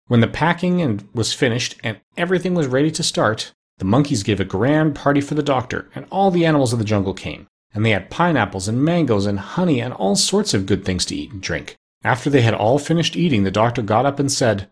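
A man narrating a children's storybook aloud in an expressive, measured reading. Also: medium pitch, breathy edge.

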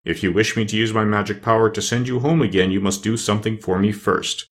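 A man reading a storybook, voicing a stern disembodied giant head that speaks slowly and commandingly. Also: fairly low pitch, steady tone, a bit bright, natural voice. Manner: slow, commanding.

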